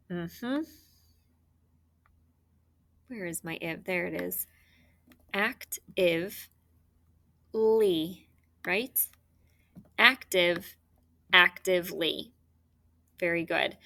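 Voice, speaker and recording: A woman teaching phonics to young children. She speaks slowly and sounds out each word with care. Her voice is bright and her tone encouraging. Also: on the low side. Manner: slow, clear, encouraging teacher talk with drawn-out words.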